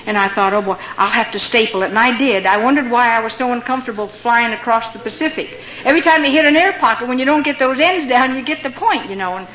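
A woman's voice: fairly high pitch, animated, fast talker, hardly any pauses, fairly bright tone. An older American woman, a missionary, telling a dramatic and humorous personal story to a women's gathering. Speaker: missionary speaker. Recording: dull lo-fi recording with faint hiss.

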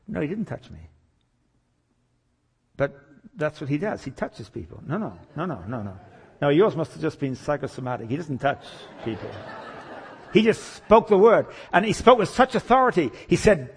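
Speaking at a moderate pace with frequent pauses, this fairly high-voiced man delivers a sermon full of acted-out stories, animatedly playing the people he describes. Slight background noise is audible.

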